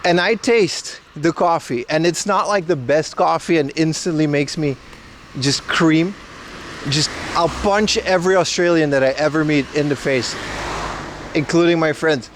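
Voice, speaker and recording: Young guy livestreaming outside, kinda high voice, joking around w chat, bit of street noise behind. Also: unhurried. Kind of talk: casual IRL stream chat.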